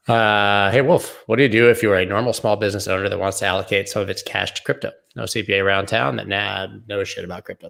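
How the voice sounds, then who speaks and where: A man with a low, gravelly voice and a bright edge hosts a loose, jokey livestream. He riffs on viewer comments in a casual, offhand way. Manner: joking, riffing, answering viewer comments. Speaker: host.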